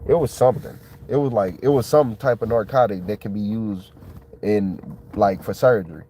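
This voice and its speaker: Excitable man rambling in slang. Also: fairly low pitch, moderate pace, a little hiss or hum. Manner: excitable, colloquial, repeats himself. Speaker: channel host. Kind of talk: casual rambling monologue.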